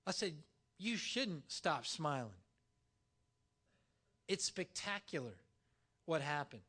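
A man preaching a sermon in a church, animated and emphatic, using dramatic pauses. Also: fairly high pitch, slightly rough. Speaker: pastor.

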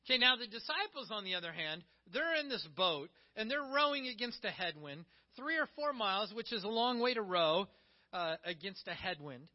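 A man preaching a conversational, animated sermon, reading scripture and then explaining it. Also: sits high, normal speed, dull audio. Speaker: pastor.

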